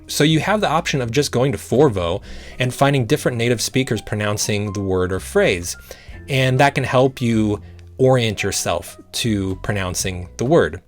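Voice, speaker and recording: A man explains a language-learning method in a patient, encouraging way. He repeats sounds slowly to show each step. Faint guitar music plays underneath. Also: lowish voice.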